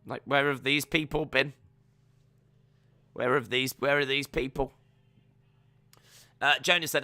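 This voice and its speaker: Chatty streamer, bright tone, dry mic, reads chat and riffs on the show. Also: male voice, fairly high pitch, fairly even intonation, measured pace, pauses often, dry recording. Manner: joking, rambling, reads viewer comments aloud. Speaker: watch-along streamer. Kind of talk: live reaction stream, reading chat.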